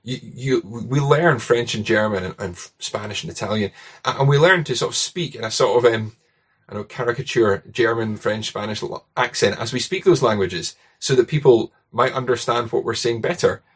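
A man's voice: mid-range voice, moderate pace, fairly bright tone, slightly rough. A man with a Scottish accent preaching a sermon in a conversational way, often tagging his points with rhetorical questions.

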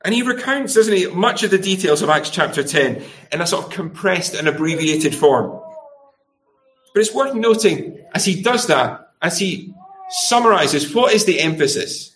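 A man's voice: on the high side, expressive, moderate pace, fairly bright tone. A middle-aged man preaching a sermon, asking the congregation rhetorical tag questions and acting out quoted speech. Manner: acts out quoted speech in changing voices.

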